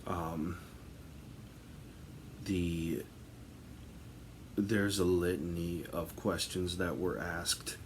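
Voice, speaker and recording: A man hosting a podcast drifts through a comic tale at an unhurried pace, his voice sitting a bit low. He rambles, piles on fillers and keeps breaking into laughter. A faint hiss sits under the recording. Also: fairly even intonation. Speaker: podcast host. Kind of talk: casual comic storytelling.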